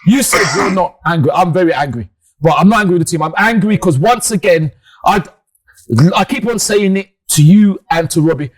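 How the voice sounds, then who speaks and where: A man co-hosting a football chat show, excitable and quick to laugh and interject. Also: high voice. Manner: excitable, animated, laughs a lot. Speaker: co-host.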